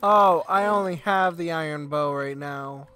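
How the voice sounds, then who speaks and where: Slow, hesitant gamer. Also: medium pitch, sharp tone, faint music behind. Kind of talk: casual gameplay chat.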